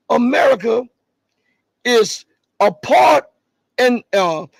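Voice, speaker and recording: A man hosting a live stream, reading articles and viewer chat, pressing his points hard and then dropping low and casual. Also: vocal fry, husky, dry recording. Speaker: livestream host.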